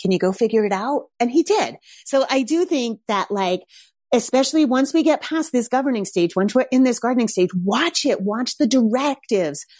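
A woman's voice: fairly high pitch, animated, normal speed, a little mellow, dry recording, studio quality. A middle-aged woman parenting coach talking casually, telling stories in a chatty way with lots of "like". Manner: chatty storytelling, frequent "like". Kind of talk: casual monologue.

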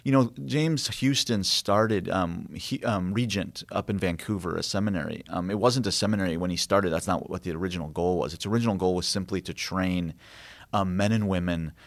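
A man's voice: sits low, fairly quick. A man, a guest author, telling stories earnestly and reflectively in conversation, with frequent fillers and restarts. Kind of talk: conversational storytelling.

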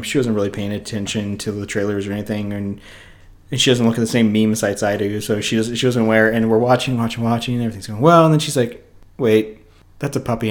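A man co-hosting a podcast, chatting casually in a laid-back way with occasional excited bursts. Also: mid-range voice. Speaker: podcast co-host. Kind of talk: casual chat.

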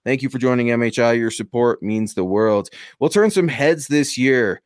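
A man's voice: mid-range voice, animated, normal speed, no room sound, clean studio sound. A man hosting a casual sports podcast, chatty, reading out supporter thanks and putting questions to his co-host.

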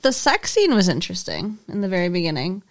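A woman co-hosting a podcast in casual chat, blunt and quick to laugh. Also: on the low side, huge pitch swings. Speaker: podcast co-host.

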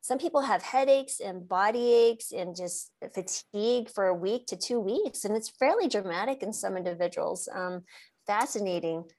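A woman doctor hosting an interview, telling stories about patients in an animated way and laughing easily. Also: mid-range voice, moderate pace. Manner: animated storyteller, laughs often. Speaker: host and doctor. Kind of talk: conversational interview.

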